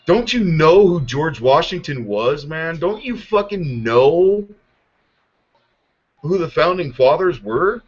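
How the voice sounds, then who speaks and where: A man's voice: a little high, lively intonation, takes it slowly, slightly rough. Profane ranting man, muffled audio. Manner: angry, heavy swearing, sarcastic. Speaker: podcast host. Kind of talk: profane political rant.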